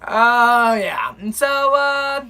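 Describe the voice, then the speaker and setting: A woman's voice: on the high side, lively intonation, drawn-out words, sharp tone. A young woman telling a personal story in a chatty, rambling way, full of fillers and little laughs. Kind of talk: casual spoken storytelling.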